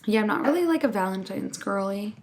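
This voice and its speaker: A young woman, a teacher co-hosting a podcast, telling stories in casual chat with lots of filler words and animated put-on voices. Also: mid-range voice, fairly quick, slight background noise. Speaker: podcast co-host, first-grade teacher.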